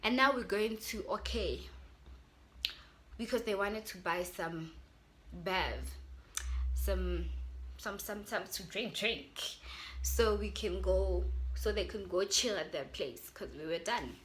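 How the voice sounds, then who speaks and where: A woman's voice: medium pitch, takes it slowly, pauses often, a bit bright, slight background noise. A young South African woman with an accent, chatting animatedly to her viewers as she tells a storytime. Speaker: YouTuber. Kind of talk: casual storytime.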